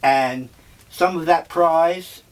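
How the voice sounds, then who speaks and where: An older man muses aloud over his breakfast, drifting from one thought to the next. He takes his time, drawling his words, and his voice sits somewhat high for a man. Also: a little hiss or hum. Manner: slow, musing, eccentric. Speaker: vlogger. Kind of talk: rambling breakfast monologue.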